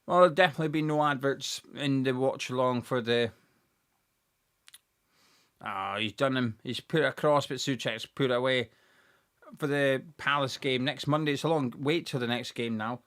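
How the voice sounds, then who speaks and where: A young man hosting a live football watch-along, chatting excitedly and reading out viewers' messages. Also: mid-range voice, moderate pace, clean tone. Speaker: fan channel host.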